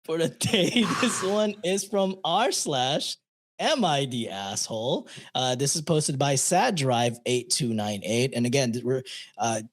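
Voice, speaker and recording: A man's voice: medium pitch, lively intonation, slow pace. A man co-hosting a live podcast, chatting casually with lots of swearing and reading an online story aloud. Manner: loose, swearing, reads in a chatty tone. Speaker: podcast co-host reading stories.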